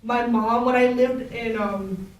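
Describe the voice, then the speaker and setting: A woman's voice: fairly high pitch, fairly even intonation, takes it slowly. Giggly young woman, echoey far-off room. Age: young adult. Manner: chatty, giggly, says "like" a lot. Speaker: college panel speaker. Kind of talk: casual talk to students. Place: school room.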